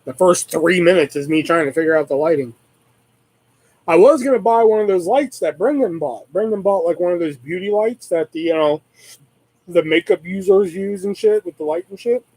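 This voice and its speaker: A man's voice: high voice, sing-song, normal speed, a little mellow, no echo, rough recording. A man hosting a live stream, chatting casually in a rambling way and swearing constantly.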